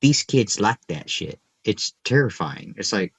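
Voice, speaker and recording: A man in his thirties co-hosting a podcast, telling animated, profane stories in casual chat. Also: on the low side, measured pace, vocal fry, slightly rough, dry recording. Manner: animated storyteller, profane, acts out kids' voices. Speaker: podcast co-host. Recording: dull, slightly lo-fi podcast audio.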